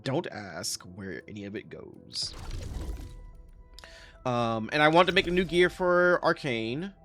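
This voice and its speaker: A man talks through his factory game in a loose, chatty way, his pitch swinging up and down as he explains and corrects himself. Soft music plays faintly in the background. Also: animated, takes it slowly. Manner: rambling, self-correcting, chatty. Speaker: game streamer. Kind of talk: casual gameplay commentary.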